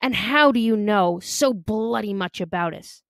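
A woman voicing a fierce, frightened teenage girl who speaks in low, hissing threats. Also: measured pace, dry recording, studio quality, lightly acted. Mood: scornful.

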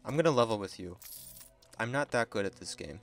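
Man, gaming commentary, chatty, excitable, very animated pitch. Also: brisk, faint music behind. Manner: excitable, chatty, laughs often. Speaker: gaming video creator. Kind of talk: casual gameplay commentary.

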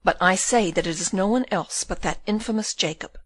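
A woman's voice: medium pitch, brisk, dry recording, natural voice. A woman doing a raging young prisoner. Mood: urgent. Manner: pleading and raging. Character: young male prisoner, desperate and furious.

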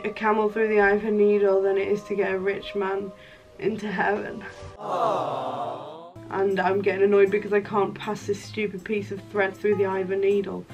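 Young woman rambling casually for her vlog, mid-pitched voice, jokey self-mocking asides. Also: rough recording. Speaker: crafting vlogger.

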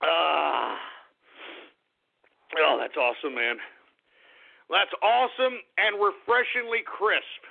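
A man's voice: a little high, big pitch swings, takes it slowly, gravelly, pauses often, slightly rough. A man hosting a call-in radio show, boisterous and hollering with lots of laughter. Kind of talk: rowdy call-in radio banter. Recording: tinny phone-like audio, faint music.

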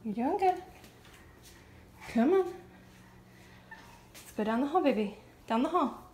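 A high, bouncy woman's voice that swings widely as she coos at her infant in sing-song baby talk. She speaks slowly and dotingly, a mother filming a casual home vlog with faint household ambience behind her. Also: expressive, a little mellow, a little hiss or hum. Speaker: mother and vlogger.

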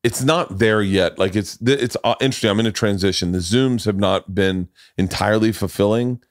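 A man's voice: on the low side, fairly quick, no echo, studio quality. A man in his forties hosting a podcast, chatting casually, rambling through stories, swearing freely and acting out quotes. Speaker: podcast host. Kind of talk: casual chat.

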